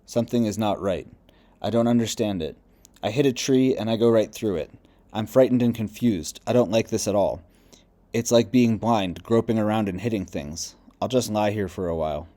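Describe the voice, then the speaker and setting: A man reading the quoted words of a depressed male spirit, lost and angry, in a low, quiet, subdued voice. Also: normal speed, close to an everyday voice. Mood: frightened.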